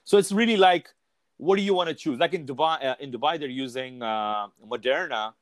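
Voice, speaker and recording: A man's voice: on the high side, a little fast, no echo. A man as a podcast guest in casual chat, telling stories candidly, swearing freely and restarting his sentences often.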